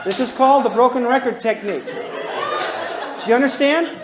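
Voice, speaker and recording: A man giving a live parenting lecture to an audience, animated and joking, acting out little dialogues with big swings in pitch and volume. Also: normal speed, very noisy. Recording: roomy hall echo.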